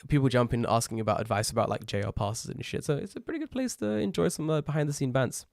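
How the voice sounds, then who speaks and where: A young man, co-hosting a casual podcast, telling animated stories and swearing freely. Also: mid-range voice, fast talker, creaky, no room sound, clean studio sound. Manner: lively storyteller, swears freely, impersonates friends. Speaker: podcast co-host.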